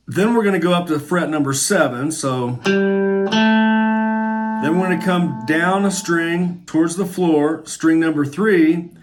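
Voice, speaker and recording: A middle-aged man with a somewhat high voice talks through a casual guitar lesson. He is friendly and encouraging, and he thinks aloud as he goes. Faint music plays behind him. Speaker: guitar teacher. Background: guitar playing.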